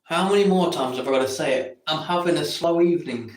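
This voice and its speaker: An English man hosts a late-night live stream from home, chatting casually and answering viewer comments with mock-exasperated outbursts. He talks fast in a voice on the high side, and the sound is roomy.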